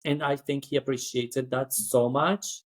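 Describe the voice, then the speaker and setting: A man's voice: mid-range voice, fairly even intonation, unhurried. A man who works as cabin crew, telling a story in a chatty podcast style, full of "like" and acted-out voices. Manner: chatty, acts out quoted voices, frequent "like".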